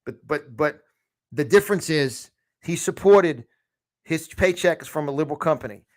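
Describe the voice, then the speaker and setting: A man's voice: fairly high pitch, lively intonation, normal speed. A man hosting a political podcast, ranting angrily and mocking as he comments over clips. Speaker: podcast host.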